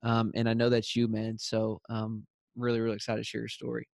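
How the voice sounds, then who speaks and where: Southern American man, podcast host, excitable and rambling, dry close sound. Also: fairly low pitch, a little fast, vocal fry, no echo. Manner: eager, many fillers and restarts, leads a prayer. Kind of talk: enthusiastic interview podcast.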